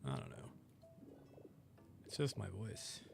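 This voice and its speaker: A man's voice: on the low side, big pitch swings, takes it slowly, vocal fry, soft background music. A young man streaming a game, rambling casually and chatting with his viewers as he plays. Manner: rambling, chats with viewers while playing.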